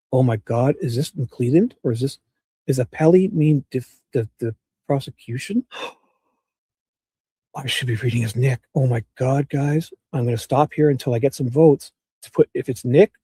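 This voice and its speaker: A man hosting a casual livestream, reading court documents aloud and rambling excitedly to his chat. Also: mid-range voice, a little slow, breathy edge, dry recording. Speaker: livestream host.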